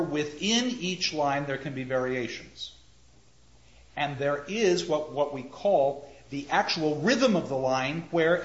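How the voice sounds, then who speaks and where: A man teaching literature to a class, reciting lines of verse and tapping out their rhythm as he asks questions. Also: a little high. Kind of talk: classroom lecture. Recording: roomy, dull lecture recording.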